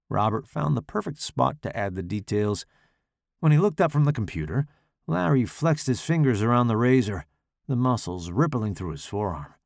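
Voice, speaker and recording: Gravelly man narrating horror fiction. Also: fairly low pitch, normal speed, no echo, studio quality. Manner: dramatic, expressive reading. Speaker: author and podcast host.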